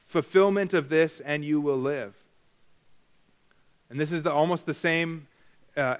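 Fairly high-voiced male preacher teaching. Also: fairly bright tone, clean tone. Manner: deliberate, stresses key words through repetition; frequent restarts and self-corrections. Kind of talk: verse-by-verse Bible teaching.

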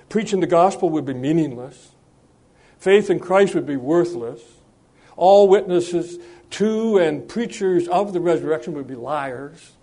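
Mellow-voiced man preaching with halting pauses. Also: fairly high pitch. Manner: measured, with frequent hesitations and restarts; slows and lifts his voice when reading scripture. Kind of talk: sermon.

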